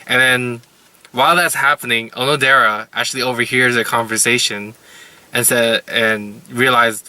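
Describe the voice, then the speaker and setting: A man recaps anime episodes in a loose, rambling way, with fillers all through his sentences. His voice is very bright and tense at an ordinary middle pitch. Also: steady tone, normal speed, dry recording. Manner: rambling, heavy use of "like" and "you know". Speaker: anime reviewer.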